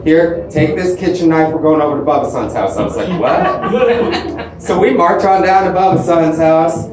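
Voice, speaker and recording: A man's voice: on the high side, brisk, far from the mic, a crowd in the background. A man doing a stand-up comedy set, telling crude stories about his dad. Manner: storytelling, crude punchlines, quotes his dad. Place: comedy club stage. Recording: echoey club, mic heard from afar. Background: audience laughter.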